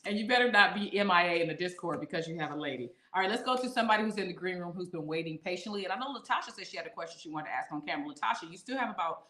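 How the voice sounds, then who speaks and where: A woman co-hosts a casual live-stream podcast with her husband, reading viewer questions and comments aloud amid lots of laughter and teasing. Her voice is fairly low in pitch, a bit bright, and animated, coming rapid-fire with hardly any pauses. The sound is roomy, and her manner is playful.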